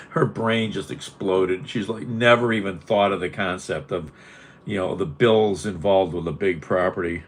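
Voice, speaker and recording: Low-voiced male vlogger, chatty storyteller, laughs at his own jokes. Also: normal speed. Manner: coos at his cat in baby talk. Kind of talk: casual late-night chat.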